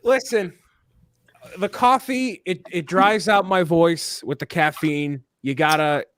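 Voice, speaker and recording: A man's voice: sits high, takes it slowly, a bit bright, smooth, no echo. A man in his twenties co-hosting a casual livestream over a video call, joking and bantering. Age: 20s. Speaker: co-host.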